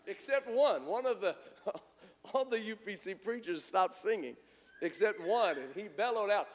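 A man's voice: sits high, a little slow, in a large hall. A man preaching a sermon, telling a story and acting out the dialogue, often repeating words as he goes. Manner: animated, repeats words, acts out quoted dialogue.

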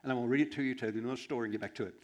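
A man preaching a sermon, telling a long story in a rambling, animated way with asides and laughter. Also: medium pitch, racing.

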